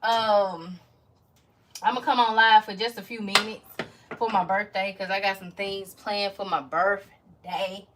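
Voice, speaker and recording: A woman, chatting casually to her viewers while she cooks in her home kitchen, folksy and quick to laugh. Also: medium pitch, fairly even intonation, very noisy. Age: 30s. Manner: chatty, folksy, laughs often, Southern country slang. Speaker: cooking vlogger. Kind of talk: casual cooking chat to viewers.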